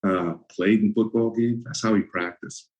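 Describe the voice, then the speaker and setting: A man's voice: on the low side, fairly even intonation, moderate pace, a little mellow, lo-fi sound. A man in his sixties, a former football player, telling stories as a guest in a casual interview, laughing often and acting out his anecdotes.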